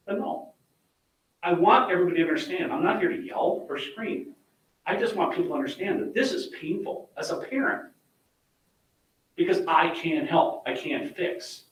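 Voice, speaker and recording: Middle-aged dad pleading at a board meeting, plainspoken and fed up, high-pitched voice bouncing around a big echoey room. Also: male voice, expressive, moderate pace. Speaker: parent speaking at public comment. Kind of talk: public comment at a school board meeting. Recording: echoey room mic from far off.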